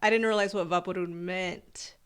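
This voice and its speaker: Lower-voiced woman podcast co-host, candid and brisk. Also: fairly even intonation, background noise. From Mexican-American. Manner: quick, candid storytelling. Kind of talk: casual chat.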